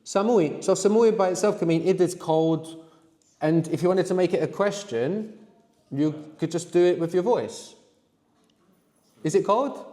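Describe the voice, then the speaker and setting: A man teaching a live language workshop, explaining slowly and prompting his students to answer. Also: high voice, warm tone, long reverb tail. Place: room with students.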